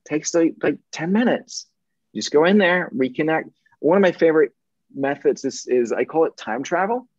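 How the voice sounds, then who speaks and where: A man with a husky, slightly high voice talks in a casual podcast chat. He is emphatic and swears freely, moving between punchy intensity and soft coaching. The sound is dry and a bit dull, like lo-fi remote audio. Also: moderate pace, dry recording. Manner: emphatic, profane, animated, swings between intense and gentle. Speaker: podcast guest. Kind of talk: casual conversation.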